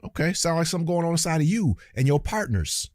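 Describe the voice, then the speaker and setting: A man with a fairly high, sing-song voice talks quickly as the host of a reaction commentary channel. He speaks straight to his viewers in a heated, preachy, colloquial way. The recording is dry and studio quality.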